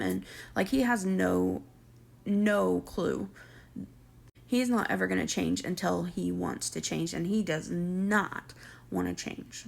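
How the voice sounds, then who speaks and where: A woman's voice: fairly low pitch, fairly even intonation, takes it slowly, gravelly. A woman, casually recapping a reality show, chatty and sarcastic, acting out what people said. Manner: chatty, sarcastic, acts out quotes.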